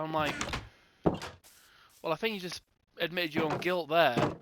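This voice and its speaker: A man's voice: a little high, normal speed, heavy background noise. A young man casually telling a rambling gaming storytime, acting out both sides of the conversation. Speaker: gaming channel host.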